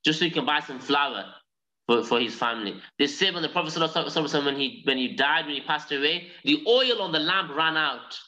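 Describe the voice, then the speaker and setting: A man teaching a live online religious class. He tells stories in an animated way and recites Arabic phrases quickly. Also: a little high, low-quality recording.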